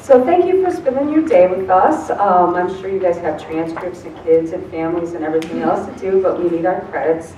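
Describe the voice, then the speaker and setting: A woman's voice: on the low side, a little fast, few pauses, a little hiss or hum. Woman presenter in an echoey room. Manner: relaxed, filler-heavy, chatty. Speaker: seminar presenter. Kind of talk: classroom teaching. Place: large room with many people. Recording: distant, echoey room recording.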